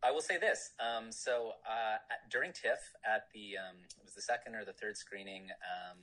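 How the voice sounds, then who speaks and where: Low-voiced man, rambling interview answers. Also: normal speed, sharp tone, rough recording. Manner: rambling, self-deprecating, laughs often. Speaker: film director.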